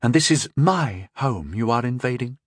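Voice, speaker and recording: A haughty young noble girl, put on by a male narrator, defiant but shaky. She speaks in a voice pitched well above his own, with lively turns. The sound is dry and close. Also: moderate pace, dry recording. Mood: haughty wary.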